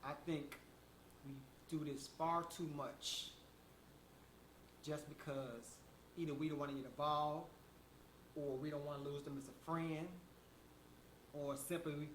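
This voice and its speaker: A man's voice: on the high side, fairly even intonation, measured pace, long pauses, fairly bright tone, a little hiss or hum. A man giving a motivational monologue, talking emphatically and preaching straight to his listeners. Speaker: motivational speaker. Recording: echoey room with faint background ambience.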